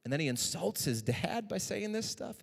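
Animated preacher in an echoing hall. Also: male voice, sits high, moderate pace, gravelly, slightly rough. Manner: animated, repeats lines for emphasis. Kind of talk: sermon.

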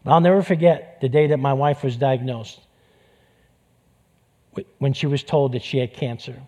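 A man's voice: mid-range voice, steady tone, moderate pace, dark tone. A man with a New York accent preaching a sermon with passion, repeating phrases for emphasis. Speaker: pastor.

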